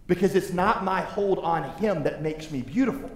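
A man's voice: high-pitched, normal speed, a little hiss or hum. A man in his thirties preaching a sermon, telling funny stories and acting out voices. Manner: animated, humorous storytelling with acted-out voices. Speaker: pastor. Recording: echoey hall with long reverb.

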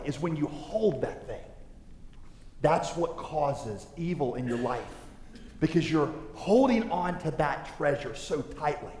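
A man's voice: fairly high pitch, slight background noise. A man in his thirties preaching a sermon, telling funny stories and acting out voices. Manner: animated, humorous storytelling with acted-out voices. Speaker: pastor. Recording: echoey hall with long reverb.

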